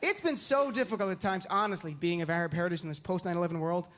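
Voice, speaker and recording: A male stand-up comedian from New Jersey with a high voice and an animated, punchy delivery. He works a live room, and the crowd's noise is clearly heard behind him. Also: fast talker. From Lodi, New Jersey. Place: comedy stage. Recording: live venue with audience noise.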